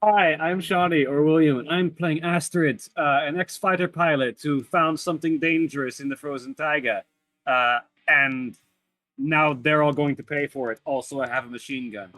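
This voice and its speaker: A man's voice: on the high side, steady tone, moderate pace, bright, forceful tone, no room sound. A man introducing his character as a tabletop game player, wry. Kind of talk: casual chat.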